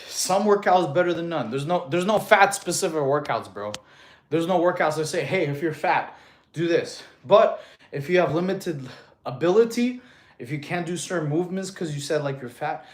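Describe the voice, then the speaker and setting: A man coaching fitness on a casual live stream, relaxed and laughing often as he reads chat questions aloud. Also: a little high.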